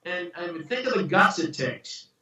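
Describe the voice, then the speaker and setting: A man's voice: high voice, normal speed. A man being interviewed about his screenwriting, telling stories casually and acting out the voices of the people in them. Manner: animated storyteller, acts out quoted voices. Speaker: screenwriter and producer guest. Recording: roomy, distant from the mic.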